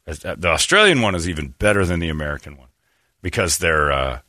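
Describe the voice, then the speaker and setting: Animated, sarcastic comic man. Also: low-pitched, a little fast, dry recording, clean studio sound. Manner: rambling, sarcastic, animated, slips into mock voices. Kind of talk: comedic casual chat.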